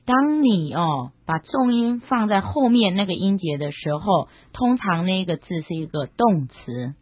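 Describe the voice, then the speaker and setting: Female co-host, chatty explainer with drawn-out phrase endings; husky tone, tinny lo-fi recording. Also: medium pitch, very animated, no room sound. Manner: chatty, drawn-out sentence-final particles. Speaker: co-host translating the lesson. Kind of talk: explanatory lesson talk. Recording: tinny narrow-band radio sound.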